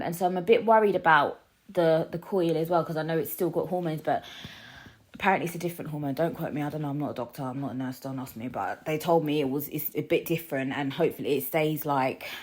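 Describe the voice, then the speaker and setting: A woman's voice: low-pitched, quick pace. A woman hosting her own podcast, chatting in a confiding way with many restarts and a lingering cough, recorded in a living room. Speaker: podcast host. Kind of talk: casual solo podcast chat.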